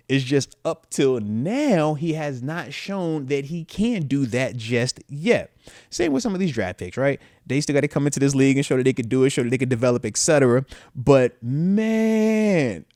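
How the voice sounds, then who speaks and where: A retired football player in his thirties, chatting casually on his show in an animated, slang-filled way and reading viewer comments aloud. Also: on the high side, dry recording, studio quality. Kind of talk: casual live-stream chat.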